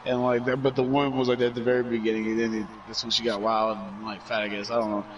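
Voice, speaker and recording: A man's voice: mid-range voice, little pitch movement, fast talker, muffled recording, a little hiss or hum. A man streaming, telling a long story in a rambling way, full of filler words and cursing. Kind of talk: casual storytelling. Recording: voice somewhat far from mic.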